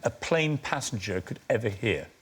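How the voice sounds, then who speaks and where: A man's voice: mid-range voice, lively intonation, moderate pace, a bit bright, husky. A man hosting an interview show, asking probing questions with wry, teasing remarks.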